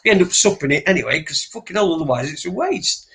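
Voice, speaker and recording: A man from the north of England chats casually on a live stream. He rambles, swears freely and keeps restarting his sentences, in a voice that sits a little high for a man. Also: animated, fast, fairly bright tone. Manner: rambling, swears a lot, many fillers and restarts. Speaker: co-host.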